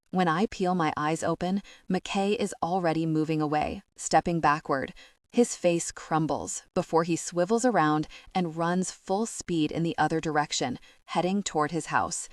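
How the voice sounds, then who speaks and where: A woman's voice: low voice, unhurried, dry recording, clean studio sound. A woman narrating a first-person romance audiobook with emotional intensity.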